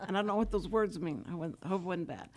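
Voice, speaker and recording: A chatty woman hosting a community radio talk show. She rambles in a relaxed, casual way and giggles often between her questions. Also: fairly low pitch, very fast, a crowd in the background. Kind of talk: casual radio interview chat.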